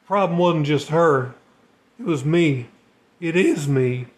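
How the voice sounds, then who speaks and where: Reading from a storybook, a man voices a gruff, remorseful navy sailor who has been demoted. The character sounds resigned, plain-spoken and slangy, shaky with regret, delivered slowly in a fairly high voice.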